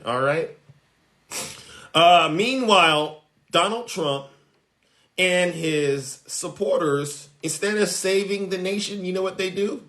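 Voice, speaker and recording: A man's voice: on the high side, fairly bright tone. A man giving a political monologue to his followers, emphatic and taunting, often tagging his points with a question. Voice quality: emphatic, repeats "all right?" as a tag. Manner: preachy, taunting. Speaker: social media commentator.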